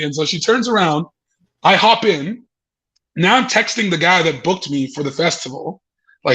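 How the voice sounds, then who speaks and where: High-voiced man telling a wild story. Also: expressive, normal speed, a bit bright, rough recording. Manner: swearing, laughing mid-story, acting out voices. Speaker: comedian guest. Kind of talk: animated storytelling.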